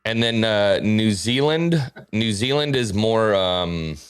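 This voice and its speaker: A man with a low voice that swings widely in pitch, rambling through a casual livestream chat as a guest. He often hunts for words and fills the gaps with fillers. His voice sounds dry and close to the mic. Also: lively intonation, slow pace, clean tone, dry recording. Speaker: guest streamer.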